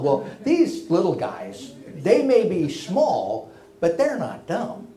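A man's voice: high voice, sing-song, unhurried. Folksy man telling a story, echoey room. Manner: folksy and warm, drops to a hush for tender moments. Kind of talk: personal anecdote told to listeners.

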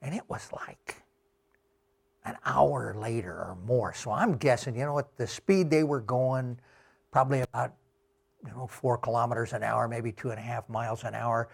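A middle-aged man giving a talk with slides, telling travel anecdotes slowly with many fillers. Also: mid-range voice, vocal fry, slightly rough. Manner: slow, unhurried anecdotes with fillers. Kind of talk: storytelling talk.

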